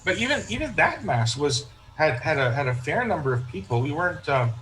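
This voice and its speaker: A man's voice: on the high side, sing-song, fairly quick, fairly bright tone, low-quality recording. A man, a parish priest, talking in a casual interview and telling stories that he acts out with quoted remarks and frequent restarts.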